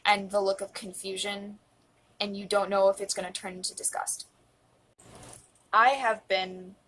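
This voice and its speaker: A woman's voice: medium pitch, a bit bright, a little hiss or hum, poor audio. A woman in her twenties speaking earnestly into a phone in a personal confessional vlog, emotional and close to tears, at times dropping to a whisper. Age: 20s. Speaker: vlogger.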